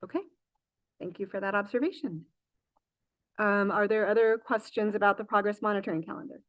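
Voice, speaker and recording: A woman's voice: medium pitch, a little fast, no room sound. A woman presiding over a public school board meeting, running motions and votes with frequent fillers and self-corrections.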